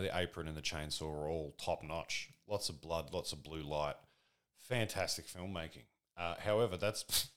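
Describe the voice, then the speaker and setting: Casting: low-voiced man, rambling, profane, sardonic comedy monologue. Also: fairly bright tone. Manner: rambling, crude, sardonic, full of fillers.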